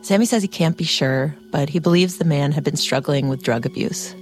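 A woman's voice: deep voice, brisk, music in the background. A woman host narrating a story and asking curious, attentive questions. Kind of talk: scripted narration and interview questions.

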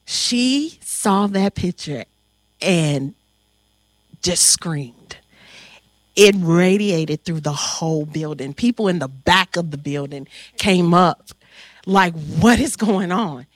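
Woman, panel moderator; animated, halting storyteller; dry, close sound. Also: on the low side, no echo. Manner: animated, halting with fillers, emotional. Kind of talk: emotional storytelling to an audience.

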